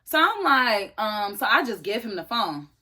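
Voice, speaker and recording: A young woman vlogger telling a story in a casual, animated, slangy way, speaking straight to her viewers. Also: mid-range voice, normal speed.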